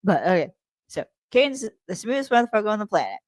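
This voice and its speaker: A woman's voice: mid-range voice, big pitch swings, fast talker, no room sound. A woman hosting a casual solo podcast recap, talking in a rambling, profane way with lots of fillers. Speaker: podcast host.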